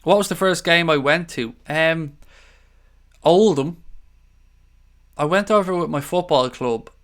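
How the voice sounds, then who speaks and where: A man's voice: on the high side, a little slow, a bit bright. An Irish man hosting a casual live stream, reading out viewer comments and greeting people as mate and buddy. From Ireland. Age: adult father of young children.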